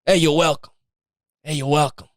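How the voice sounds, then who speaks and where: A grandiose Italian man with a thick put-on accent, bragging and waving off doubters, his voice lifted a little higher than usual, as a man puts him on. The sound is smooth and dry, close to the mic. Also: flat delivery, moderate pace, dry recording, close to an everyday voice. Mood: insistent. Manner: insistent and grandiose, brushes off doubt. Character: boastful Italian man bragging about his family's cooking.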